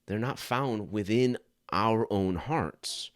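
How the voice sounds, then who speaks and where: Deep-voiced earnest podcast host. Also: male voice, slow pace, no room sound, studio quality. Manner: conversational, earnest, frequent restarts. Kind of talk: Christian apologetics podcast talk.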